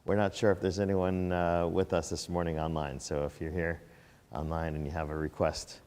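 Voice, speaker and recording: A man's voice: deep voice, level tone, moderate pace, a little mellow. A man leading a livestreamed prayer service in a sanctuary. He sings chanted prayers and makes casual, rambling remarks between them. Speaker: service leader. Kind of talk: singing prayers and chatting with an online congregation. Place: synagogue sanctuary. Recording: long reverb of a large sanctuary.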